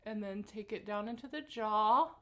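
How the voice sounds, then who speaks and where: A woman singing teacher leading a guided vocal warm-up on a livestream, relaxed and encouraging as she greets viewers by name. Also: mid-range voice, moderate pace, dull audio.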